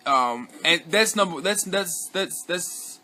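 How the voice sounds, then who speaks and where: Speaking slowly with a high, sharp voice and lively intonation, a young Australian man from Western Australia rambles through casual vlog chat. He swears heavily, restarts his sentences and fills gaps constantly.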